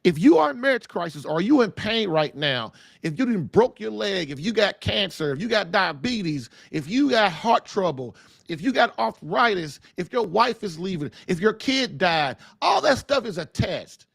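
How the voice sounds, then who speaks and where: A man's voice: high voice, sing-song, moderate pace, creaky, fairly bright tone, no echo, studio quality. A man hosting a faith-based show, preaching in emphatic, casual talk full of folksy slang and repeated phrases for punch. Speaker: podcast host.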